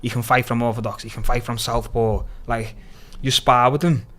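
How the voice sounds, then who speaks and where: A man in his thirties from Liverpool with a Scouse accent, talking as a podcast guest in a blunt, animated way, swearing freely and calling people "lad". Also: medium pitch, moderate pace. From Liverpool, England. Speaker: guest, mixed martial arts fighter. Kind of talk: casual podcast chat.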